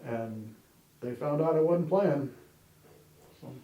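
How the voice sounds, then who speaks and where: A man's voice: on the high side, slow, muffled recording. A man sharing his personal testimony in a candid, conversational way, with wry humor and plenty of "you know"s. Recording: roomy echo.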